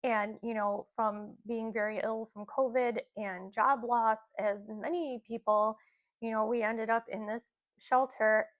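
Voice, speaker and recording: A woman's voice: fairly high pitch, steady tone, measured pace, narrow, tinny audio. A woman in her forties casually telling a personal spiritual story, rambling with many fillers and asides. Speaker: spiritual content creator.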